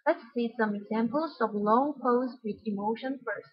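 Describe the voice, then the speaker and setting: A woman's voice: on the high side, normal speed, breathy edge, muffled recording. A young woman whose first language is Mandarin, giving a student presentation in English and repeating film lines after her partner. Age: young adult. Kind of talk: classroom presentation on movie speech.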